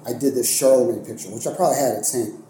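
A young man from Ohio telling a long, looping story full of fillers and self-corrections. His voice is deep-toned and very warm, never sharp. The room around him rings with echo, and a faint hiss sits underneath. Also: racing. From Ohio, United States. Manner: rambling, animated, many fillers and self-corrections. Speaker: guest, art teacher and wrestling coach. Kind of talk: casual storytelling in a podcast interview. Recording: echoey room with faint noise.

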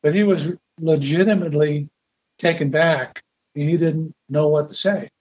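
A man's voice: a little high, fairly even intonation, darkish tone, breathy edge. Older man telling a rambling story. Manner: rambling, halting, repeats words. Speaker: interviewee. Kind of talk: storytelling interview. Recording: dull lo-fi recording.

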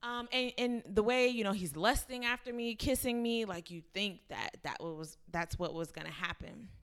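A woman's voice: medium pitch, normal speed, fairly bright tone, smooth. A woman in her twenties, a guest telling a candid story in casual chat, laughing often. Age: 20s.

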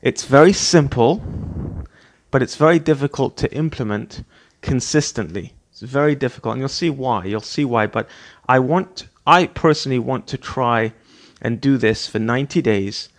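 Earnest middle-aged male host, motivational monologue, repetitive delivery, average pitch. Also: moderate pace. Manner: earnest, repetitive, acts out scolding parent voices. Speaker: podcast host.

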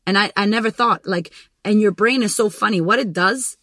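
A woman's voice: medium pitch, a little fast, a bit bright, no room sound, low-quality recording. A woman hosting a podcast, talking bluntly and emphatically in a casual monologue, swearing often and acting out her inner voices. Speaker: podcast host.

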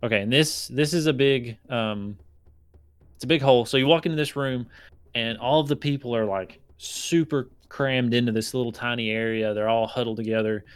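A man's voice: mid-range voice, steady tone, normal speed, clear, resonant tone, no echo. A man narrating a tabletop game as game master, rambling with many fillers.

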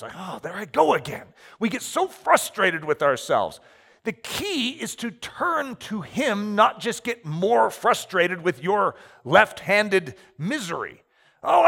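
Pastor guy preaching, lively up-and-down voice, acts out little bits, big echoey hall. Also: high voice, creaky. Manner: animated storytelling with acted asides. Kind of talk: sermon. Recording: reverberant hall.

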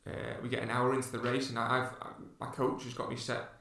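Gravelly man in an echoey room. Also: mid-range voice, flat delivery, brisk, pushed and bright. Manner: rambling, with many restarts and fillers. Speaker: podcast co-host and runner. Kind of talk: casual storytelling chat. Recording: echoey room, distant mic.

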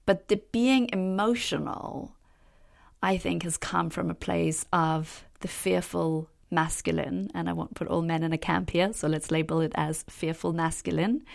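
A middle-aged woman hosting a solo podcast as a leadership coach, talking earnestly and passionately, with soft laughs and breathy asides. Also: fairly low pitch. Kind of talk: reflective solo podcast talk.

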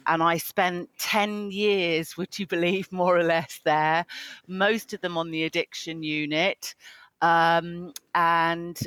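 A man's voice: on the high side, steady tone, slow pace, sharp tone, clear, resonant tone, no echo. A man, a psychotherapist telling his life story in a chatty, self-deprecating way as an interview guest. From England. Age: 50s. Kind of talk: interview conversation.

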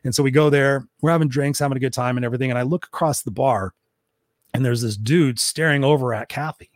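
A man tells stories on his own livestream in a loose, profane, rambling way, full of ums and restarts. He talks quickly, and his voice is close and dry, with almost no room sound. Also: mid-range voice, dry recording. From Southern California. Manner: candid, profane, rambling with frequent fillers. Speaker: host. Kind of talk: solo livestream storytelling. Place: room at home.

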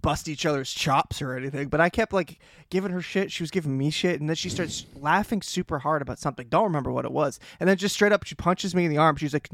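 A young man co-hosting a podcast, telling stories in a lively way and laughing often. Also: a little high, quick pace, hardly any pauses, dry recording. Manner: animated storytelling with laughs. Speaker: podcast co-host. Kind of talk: casual chat.

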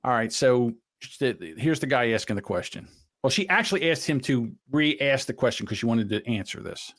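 A man's voice: medium pitch, lively intonation, a little fast, a bit bright. A man hosting a podcast in casual chat, rambling and blunt, swearing freely. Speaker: podcast host.

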